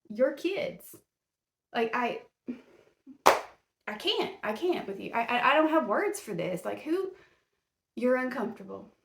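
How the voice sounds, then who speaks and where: A woman hosting a true-crime podcast, blunt and indignant as she scolds the accused directly in casual commentary. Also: a little high. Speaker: podcast host. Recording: roomy echo.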